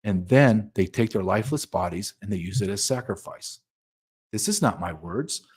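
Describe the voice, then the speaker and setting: A man's voice: lowish voice, expressive, normal speed, a little mellow, slightly rough. A middle-aged man speaking as an interview guest, a former border agent, talking in an urgent, emphatic and insistent way. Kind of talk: impassioned interview talk.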